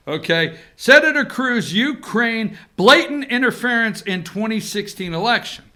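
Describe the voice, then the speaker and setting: Speaking in a high, pushed, bright voice, this talk show host addresses his viewers head-on. His opinion monologue on the news is heavy with sarcasm.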